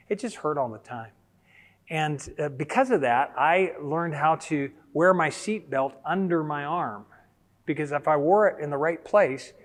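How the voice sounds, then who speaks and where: A middle-aged man giving a sermon-style teaching talk, telling personal stories and acting out quoted voices. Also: a little high. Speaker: speaker. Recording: long hall reverb.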